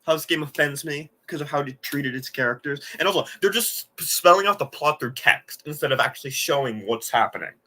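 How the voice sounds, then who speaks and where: A man's voice: fairly high pitch, a little fast, few pauses, bright, forceful tone. A man hosting a live game reaction, ranting with exasperation, swearing often and laughing at what he watches.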